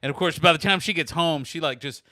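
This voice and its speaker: A fast-talking, middle-aged podcast host recounts a long story in a relaxed, chatty way, animatedly voicing the people he quotes with a rising pitch. The sound is clean and studio-like, with no room sound.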